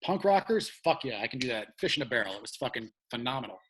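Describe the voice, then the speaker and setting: A man, a comedian guest, telling a long road story in casual chat, profane and animated, shouting out the lines he quotes. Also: mid-range voice, fast, slightly rough.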